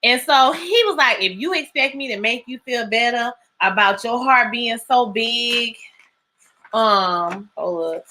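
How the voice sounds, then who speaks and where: A woman's voice: on the high side, expressive, unhurried, bright, forceful tone. A woman hosting a live recap of a TV drama, telling the story in a casual, slangy way, acting out the characters' lines and laughing often. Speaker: TV recap host.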